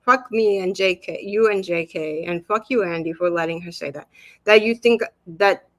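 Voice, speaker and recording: A woman's voice: on the low side, moderate pace, a bit bright, no echo. A woman talking on a livestream in a casual chat, rambling and interrupting herself as she gets heated. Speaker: guest on a livestream talk.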